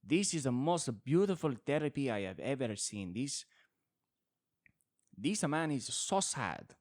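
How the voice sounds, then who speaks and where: A man voicing a melodramatic mock-Italian man with a fake Italian accent, slow and theatrical. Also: mid-range voice, sing-song, darkish tone, no echo, clean studio sound, pitched above the performer's own voice. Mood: rapturous. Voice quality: slow, theatrical, drawn-out delivery.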